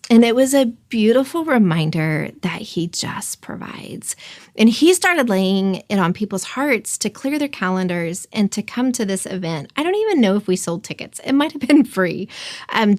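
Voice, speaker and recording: A woman's voice: medium pitch, dry recording, clean studio sound. A woman telling a personal story in a casual, emotional way, full of fillers and acted-out quotes. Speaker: podcast host sharing her story.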